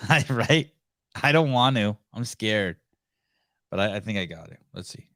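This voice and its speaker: A man's voice: on the low side, lively intonation, fairly bright tone, no room sound, studio quality. A man hosting a podcast in casual, rambling chat, swearing freely and laughing easily. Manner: rambling, profane, quick to laugh. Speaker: podcast host. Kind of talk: casual live-stream chat.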